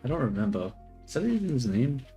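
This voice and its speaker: Streaming his 3D modeling work, this young man chats casually and thinks out loud, often trailing off and self-correcting. He talks fast in a warm, sing-song, mid-range voice, with faint music playing behind him.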